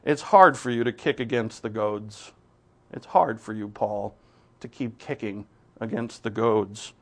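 A man preaching a sermon to his congregation, with joking asides to the listeners and lively emphasis. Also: fairly low pitch, unhurried. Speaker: pastor. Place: church sanctuary.

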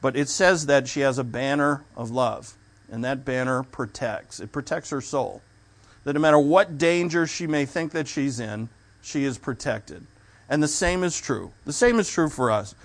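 Male preacher, mid-pitch, talks easily and restarts his sentences. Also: normal speed. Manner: conversational preaching with restarts and asides. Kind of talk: sermon.

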